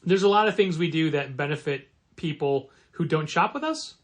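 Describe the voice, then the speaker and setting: A man co-hosting a comic shop podcast in casual chat, animated and acting out quoted lines in a raised voice. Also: fairly high pitch, normal speed.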